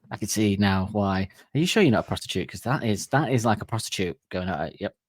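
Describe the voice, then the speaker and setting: A man's voice: lowish voice, dry recording, studio quality. Laughing man hamming up lyrics. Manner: playful, laughs often, acts out silly cartoon voices. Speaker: podcast co-host. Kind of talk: comedic lyric breakdown.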